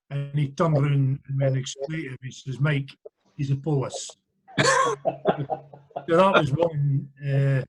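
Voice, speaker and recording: A man, a former referee, telling relaxed anecdotes in casual chat and laughing at his own stories. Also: on the high side, breathy edge, rough recording.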